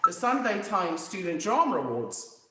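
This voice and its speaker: A woman, hosting a casual live stream, animated and emphatic, repeating herself and talking straight to viewers. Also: lowish voice, normal speed, soft background music. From England. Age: 50s. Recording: very echoey room.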